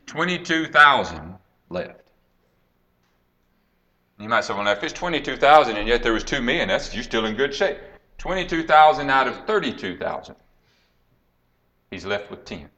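A man preaching, retelling a Bible story with dramatic swings between hushed and raised delivery and acting out the quoted lines. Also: medium pitch, sing-song, moderate pace, pauses often. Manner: dramatic storytelling, acts out quoted lines, drops to a hush then rises.

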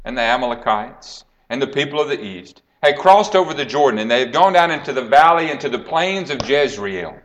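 A man preaching, retelling a Bible story with dramatic swings between hushed and raised delivery and acting out the quoted lines. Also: medium pitch, expressive, fairly quick, few pauses, lo-fi sound. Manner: dramatic storytelling, acts out quoted lines, drops to a hush then rises.

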